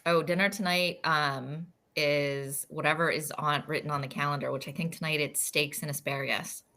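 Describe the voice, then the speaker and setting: A woman's voice: sits low, fairly even intonation, normal speed, sharp tone, a little hiss or hum. A woman consultant chatting on a video call, upbeat and chatty. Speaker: title insurance consultant guest. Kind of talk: casual video-call chat.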